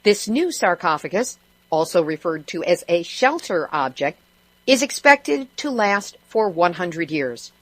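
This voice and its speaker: A woman's voice: fairly low pitch, sing-song, a little slow, no room sound. Woman radio host, sarcastic news commentary, dry close studio sound. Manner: wry, sarcastic.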